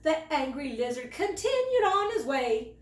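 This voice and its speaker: A woman teacher reading a children's storybook aloud in an expressive, slow storytelling manner. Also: high-pitched, far from the mic. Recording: roomy, away from the mic.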